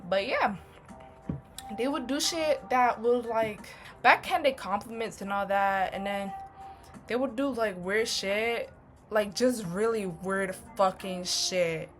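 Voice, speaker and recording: A young woman talks straight to camera in a casual storytime vlog, blunt and full of slang and cursing. Her voice sits at a middle pitch for a woman. Faint music plays under her. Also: slow. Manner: blunt, swears heavily, slangy and animated. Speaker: vlogger.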